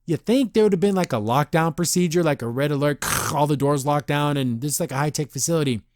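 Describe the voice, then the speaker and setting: A man's voice: a little high, fast, no echo, studio quality. A man hosting a podcast, casually recapping a cartoon episode in a rambling, chatty way and briefly mimicking the characters.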